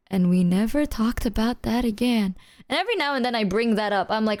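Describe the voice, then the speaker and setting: Bubbly high-voiced woman streamer. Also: normal speed, pauses often. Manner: animated, exaggerated retelling, swears freely. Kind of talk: casual storytelling to chat.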